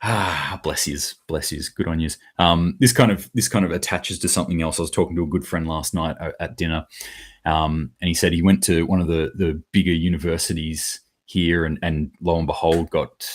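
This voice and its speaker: A man's voice: low voice, fairly even intonation, moderate pace. A man hosting his own daily preparedness commentary, talking casually and bluntly, rambling a little and swearing now and then. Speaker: host of a daily preparedness news show.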